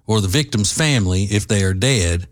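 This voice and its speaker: A low-pitched man hosts a solo commentary show and lays out his opinions at length. He talks in halting runs full of fillers and restarts, and slips in dry sarcasm now and then. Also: lively intonation. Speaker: host.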